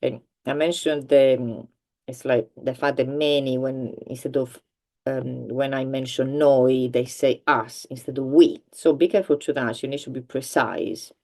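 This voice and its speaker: Lady teacher w a really deep mellow voice, slow and hesitant, lots of ums. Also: fairly even intonation, creaky. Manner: hesitant, many ums and restarts; patient, repeats points for learners. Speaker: language teacher. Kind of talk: explanatory grammar lesson.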